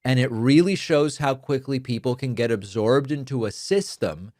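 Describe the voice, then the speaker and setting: A man whose first language is Spanish delivers an emphatic, argumentative political commentary monologue as host. His pitch sits in an ordinary middle range for a man, and the close, dry recording has almost no room sound around it. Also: moderate pace, a little mellow, dry recording.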